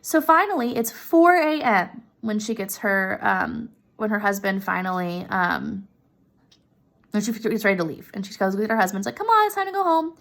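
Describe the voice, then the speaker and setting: A woman's voice: medium pitch, normal speed, vocal fry, a bit bright. A woman casually retelling a classic story, chatty and openly opinionated about the characters.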